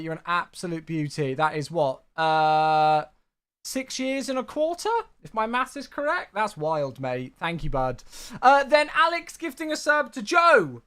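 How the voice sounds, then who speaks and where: A man's voice: high voice, a bit bright, clean tone. A man casually chatting on a live stream, thanking viewers by name and calling them "mate". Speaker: flight sim streamer.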